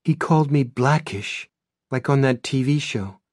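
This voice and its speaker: A man's voice: medium pitch, a little slow, darkish tone, no echo, studio quality, voice pushed up, lightly acted. A man voicing an earnest young woman, hurt but insisting firmly.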